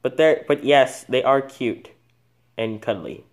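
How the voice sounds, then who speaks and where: A man's voice: medium pitch, slow pace. A man hosting an animal video channel, talking casually off the cuff, rambling with many false starts and self-corrections. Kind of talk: casual unscripted animal talk.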